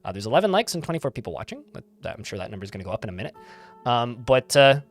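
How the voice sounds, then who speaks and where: A man's voice: medium pitch, very animated, rapid-fire, faint music behind. A man casually chatting to his live-stream chat while playing a game, rambling and laughing easily.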